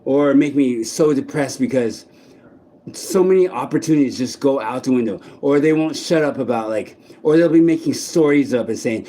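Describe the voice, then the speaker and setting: A man vlogging outdoors in a park, speaking in a blunt, halting monologue full of restarts and swearing. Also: medium pitch, dark tone. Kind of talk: candid personal monologue.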